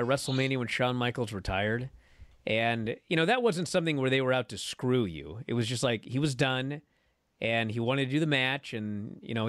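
A man co-hosting a podcast, telling a wrestling event as a lively story and acting out what people said. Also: mid-range voice, no room sound, clean studio sound. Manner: animated storytelling, acting out quotes. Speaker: podcast co-host. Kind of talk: casual wrestling recap chat.

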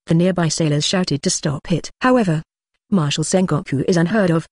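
A text-to-speech voice reading an audiobook in a flat, even manner. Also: mid-range voice, moderate pace, slightly rough, dry recording. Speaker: audiobook narrator. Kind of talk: scripted narration.

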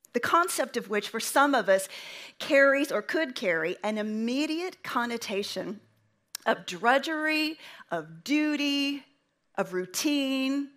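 Slow, emphatic woman preacher. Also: a little high. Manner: slow, emphatic delivery with dramatic pauses; invites the congregation to respond. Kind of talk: sermon.

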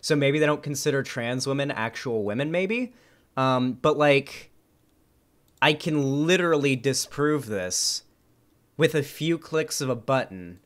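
A man's voice: mid-range voice, unhurried. A young man streaming, reading online comments aloud and reacting with casual, sarcastic commentary and frequent swearing. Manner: sarcastic, animated, swears freely.

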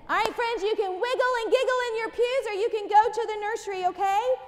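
A woman pastor giving an animated children's sermon, coaxing the kids to join in with gestures and sounds. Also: extremely high pitch, brisk, hardly any pauses. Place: church sanctuary. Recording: long reverb in a church sanctuary.

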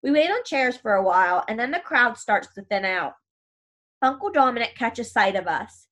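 A woman reads a first-person audiobook with a fairly high voice. Her storytelling is even and steady. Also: normal speed. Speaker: audiobook narrator.

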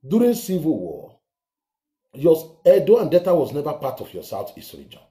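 A man vlogging heated political commentary in a roomy, echoey space. His voice sits somewhat high but mellow in tone, and it swings widely in pitch as he rants with open scorn. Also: wildly swooping pitch, moderate pace. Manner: scornful, ranting, swears. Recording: roomy echo.

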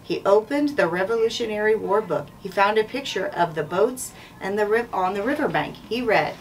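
A woman school principal reading a children's chapter book aloud in a clear, measured way. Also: mid-range voice. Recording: distant mic, faint background noise.

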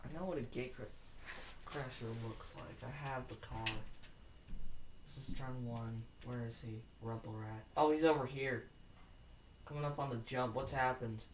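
A young man giving excitable, exclaiming commentary while playing a racing game. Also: medium pitch, normal speed. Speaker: gamer. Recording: echoey room, faint noise.

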